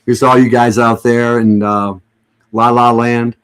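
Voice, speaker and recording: A man's voice: medium pitch, level tone, unhurried, a bit bright, smooth. A middle-aged man chatting casually to his stream viewers at home, sarcastic and joking, rambling with many restarts. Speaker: livestream host.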